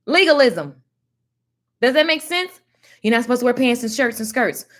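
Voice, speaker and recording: A woman giving casual Bible teaching in a slangy, animated, preachy way. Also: a little high, moderate pace. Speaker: faith teacher.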